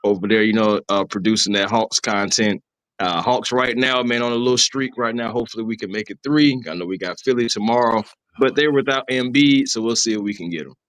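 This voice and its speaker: A man's voice: fairly low pitch, a little fast, fairly bright tone, dry recording. A man guesting on a sports podcast, upbeat and giggly as he plugs his channels. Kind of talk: casual podcast chat.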